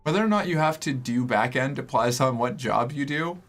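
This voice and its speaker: A man's voice: mid-range voice, fairly quick, faint music behind. A young man from the US Northeast streaming and chatting casually with viewers, talkative and rambling with many fillers. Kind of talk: casual chat reading viewer messages.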